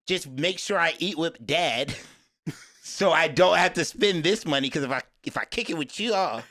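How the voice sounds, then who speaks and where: A man co-hosting a podcast, telling stories in a rambling, animated casual chat. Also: on the high side, moderate pace. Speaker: podcast co-host.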